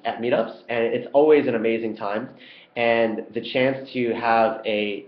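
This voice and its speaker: Chatty young man in a roomy, dull recording. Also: medium pitch. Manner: relaxed and chatty, many ums and uhs. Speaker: startup co-founder answering community questions. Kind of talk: casual Q&A video.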